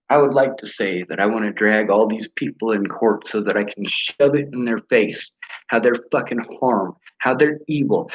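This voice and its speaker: Man, blunt and aggrieved, swearing often, mid-pitched voice, handheld phone, lo-fi muffled recording. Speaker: vlogger. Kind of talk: angry monologue and home tour. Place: cluttered small apartment, indoors. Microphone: handheld phone camera.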